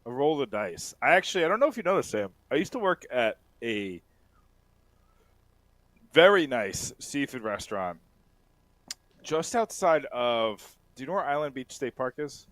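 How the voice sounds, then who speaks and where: Lively, rambling man in casual chat. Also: medium pitch, normal speed, long pauses, dry recording. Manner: rambling, many restarts and fillers.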